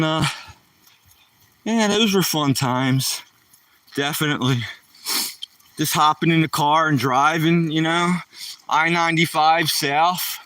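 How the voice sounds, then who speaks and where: A man's voice: fairly high pitch, a bit bright, no echo, recorded from a distance. A man from the Philadelphia area telling rambling stories from his past in loose, casual chat, often tossing in "man" and "you know".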